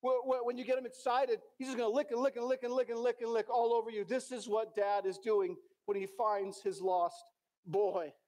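A man's voice: very high-pitched, level tone, fairly quick, darkish tone. A male pastor preaching a sermon in a church, telling a story dramatically and acting out the characters' lines.

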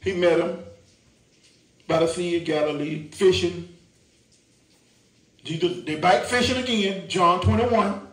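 A man's voice: high-pitched, a little slow, pauses often, fairly bright tone. A man preaching a sermon, who repeats his words and keeps asking the congregation to agree. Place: church. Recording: echoey church from far off.

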